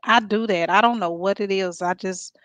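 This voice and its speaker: A chatty woman in her forties from Texas tells a long personal story with frequent laughs. Her voice sits at an ordinary middle pitch. The sound is close and dry, with no room echo. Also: moderate pace, fairly bright tone. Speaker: guest. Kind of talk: casual chat.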